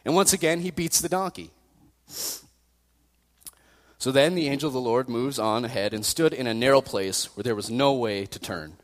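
A man's voice: medium pitch, moderate pace, pauses often. A young male youth pastor preaching a sermon by retelling a story in a casual, self-deprecating way. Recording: long reverb in a hall.

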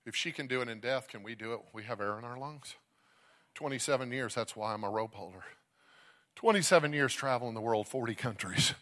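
A man's voice: medium pitch, a little fast. Dramatic evangelist man preaching. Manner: dramatic storytelling, swings from shouting to hushed. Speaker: traveling evangelist. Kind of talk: sermon.

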